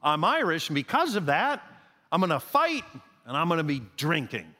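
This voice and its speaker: A man voicing a hot-tempered young male carpenter who talks loud, blunt and boastful. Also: fairly high pitch, wildly swooping pitch, slow pace, big-room sound, exaggerated voice.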